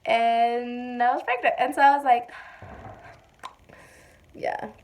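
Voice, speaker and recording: A woman's voice: on the high side, moderate pace. Chatty young woman vlogger. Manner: chatty, many fillers, acts out quotes loudly. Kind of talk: casual storytelling to camera.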